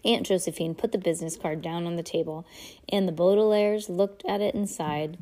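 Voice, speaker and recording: A woman's voice: lowish voice, fairly even intonation, a little fast, warm tone. A woman reading a children's storybook aloud, breaking off for casual asides and correcting herself as she goes. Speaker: amateur reader.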